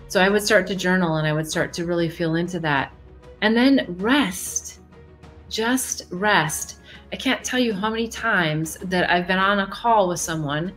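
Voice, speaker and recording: A woman hosting a live advice session, talking in a gentle, reflective way with sudden shifts in pace. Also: mid-range voice. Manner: gentle, reflective, with quick shifts in pace and playful quoted voices. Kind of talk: casual live coaching talk.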